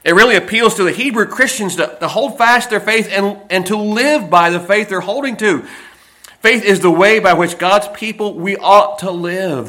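Male preacher, high tenor, emphatic sermon delivery with homespun asides. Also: sharp tone. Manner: emphatic preaching, slows and stresses key phrases; folksy asides and personal stories. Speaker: pastor.

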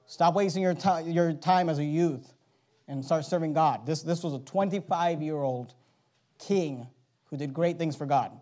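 Fiery high-voiced male preacher. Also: moderate pace. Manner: swings from loud emphatic preaching to low urgent asides. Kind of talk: fiery sermon with scripture reading.

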